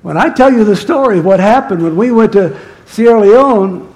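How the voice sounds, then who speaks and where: A man's voice: high voice, animated, moderate pace, a little mellow. A male pastor preaching a sermon in a conversational storytelling manner that turns emphatic.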